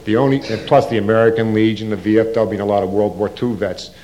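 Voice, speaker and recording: Older man telling his story in a low voice. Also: fairly even intonation, fast, warm tone. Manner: rambling, casual, with frequent restarts and slang. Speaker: Vietnam veteran recounting his service. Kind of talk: oral history storytelling.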